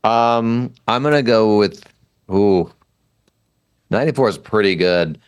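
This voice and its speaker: Male podcast guest, very low voice, laid-back short reactions. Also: animated, a little slow, smooth. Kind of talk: casual chat.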